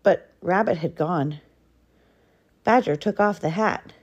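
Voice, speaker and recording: A woman reading a children's picture book aloud in an expressive storytelling manner. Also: lowish voice, slow, slightly rough, dull audio. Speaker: storybook reader.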